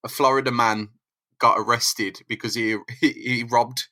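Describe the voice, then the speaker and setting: A man co-hosting a relaxed comic book chat, quick to laugh and fond of goofy tangents. His voice sits at an ordinary middle pitch. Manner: laughs a lot, tells silly asides. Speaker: podcast co-host.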